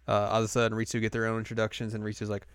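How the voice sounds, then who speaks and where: Low, smooth man recapping casually. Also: completely flat delivery, rapid-fire, no room sound. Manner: rambling, filler-heavy, laughs often. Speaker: podcast host.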